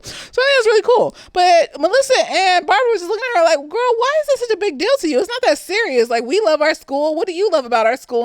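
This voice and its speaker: A young woman with a fairly high voice chats through a TV review in a casual, tipsy way, recorded with no room sound. She laughs frequently, swears, and imitates the characters in quoted voices.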